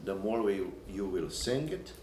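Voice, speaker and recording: A man teaching a Byzantine chant class, explaining in halting phrases and breaking into short sung examples. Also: on the low side, lively intonation, darkish tone, slight background noise. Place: church hall or classroom. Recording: echoey room, recorded from a distance.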